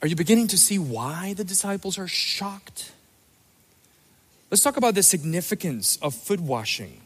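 A man's voice: sits high, big pitch swings, moderate pace, a bit bright, slightly rough, long reverb tail. A male pastor giving an emphatic sermon with playful asides, in a church sanctuary.

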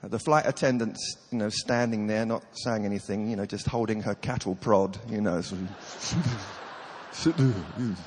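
A man's voice: fairly low pitch, fairly even intonation, moderate pace, slight background noise. A man with a cold preaching in a large hall, telling funny stories with dry, self-deprecating humor. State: coughing, has a cold. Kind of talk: humorous sermon storytelling. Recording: reverberant hall.

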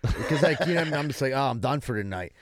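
A man hosting a loose, crude podcast among friends, cracking up between lines. His voice sits at a middling pitch and the room is dry, with the mic close. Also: expressive, fast, no echo. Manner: laughs often, crude joking. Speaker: podcast host. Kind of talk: casual banter podcast.

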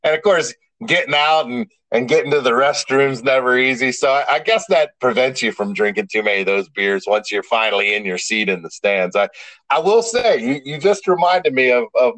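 A middle-aged man telling stories in casual chat as a podcast co-host, getting animated as he goes. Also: medium pitch, normal speed, no room sound, low-quality recording. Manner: animated storyteller, rising excitement.

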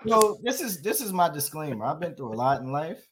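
Casting: calm, easygoing man guest, speech rises and falls widely. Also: on the high side, brisk, crowd noise. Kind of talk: casual chat.

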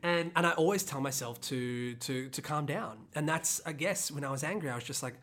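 A singer-songwriter talks through the story behind a song in a loose, rambling way, full of "um" and "like" and false starts. The voice swings from low and muted to sharp high leaps whenever the anger comes back. A faint guitar plays underneath. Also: a little fast. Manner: rambling, heavy with fillers and restarts; pitch leaps up sharply when reliving anger. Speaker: singer-songwriter hosting a podcast. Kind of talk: casual storytelling about songwriting.

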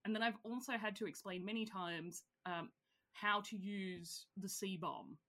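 A woman's voice: medium pitch, fairly even intonation, unhurried, a bit bright. A woman with an Australian accent, co-hosting a casual podcast, chatty and giggly with lots of filler words. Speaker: podcast co-host.

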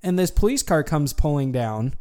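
Young guy telling a wild story to his buddy, kinda high voice, lots of likes and ums. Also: normal speed. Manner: animated storytelling with lots of fillers. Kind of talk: casual chat.

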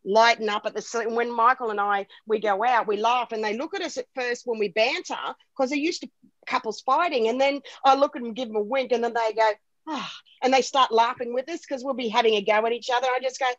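A woman's voice: on the high side, steady tone, fast, no room sound, muffled recording. A woman in a casual spiritual chat, effusive and affirming, laughing easily.

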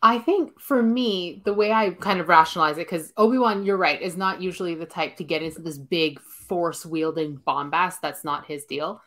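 A woman's voice: on the low side, moderate pace, hardly any pauses, a bit bright. A woman in a casual podcast chat, earnestly thinking aloud with many fillers.

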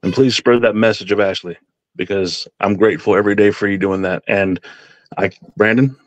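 A lower-voiced man talks in a loose, rambling way, repeating himself and swearing freely as he thanks the people around him. His voice comes over a dull, lo-fi line with no room sound at all. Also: steady tone, brisk, dry recording. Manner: heartfelt, rambling, stammering, profane. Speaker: podcast panelist. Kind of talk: casual chat.

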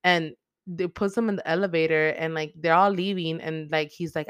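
A low-pitched woman rambles through a movie plot in a loose, profane, filler-heavy way, getting worked up as she retells it. Her voice sits close and dry, with no room sound around it. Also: fairly even intonation, brisk, clear, resonant tone, dry recording. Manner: heavy swearing, filler-laden, emotional retelling. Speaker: movie recap host. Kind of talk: casual profane movie recap.

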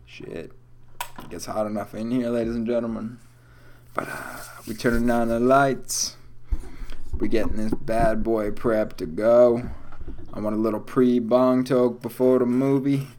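A man's voice: mid-range voice, a little mellow, slight background noise. Rambling, profane stoned podcast guy. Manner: profane, rambling, laid-back. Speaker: podcast host. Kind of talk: casual stoned solo podcast chat. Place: home room with lights off.

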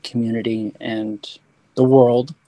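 A man in a group chat, earnestly and haltingly thanking a guest. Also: mid-range voice, level tone, dark tone, no echo, rough recording. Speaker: participant. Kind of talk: casual chat.

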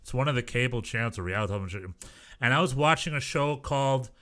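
A man co-hosting a podcast, chatting casually and telling animated stories, sometimes mimicking other people's voices. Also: mid-range voice, quick pace. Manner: animated storyteller, mimics voices, laughs often. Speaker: podcast co-host. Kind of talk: casual chat.

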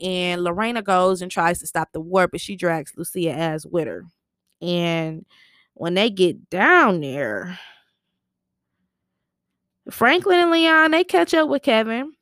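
A woman's voice: fairly low pitch, expressive, slow pace, pauses often, a bit bright, clean tone, no echo, clean studio sound. Chatty woman recapping a TV episode. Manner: colloquial, chatty storytelling with slang and fillers.

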